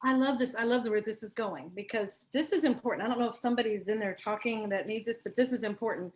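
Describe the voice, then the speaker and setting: A woman with a fairly high voice co-hosts a relaxed chat show. She keeps the talk going with eager, probing questions and restates ideas in her own words. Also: fast talker. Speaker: co-host. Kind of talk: casual chat.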